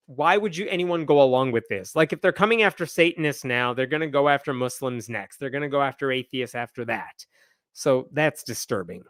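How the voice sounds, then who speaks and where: A man's voice: mid-range voice, a little fast, fairly bright tone, no echo, clean studio sound. A man hosting a live news roundup, giving wry, exasperated commentary and reading passages aloud.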